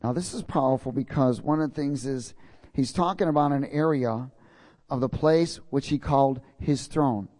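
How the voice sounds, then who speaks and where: A man's voice: mid-range voice, moderate pace, mellow. A man preaching a sermon in a folksy way, reading scripture and checking in with his congregation.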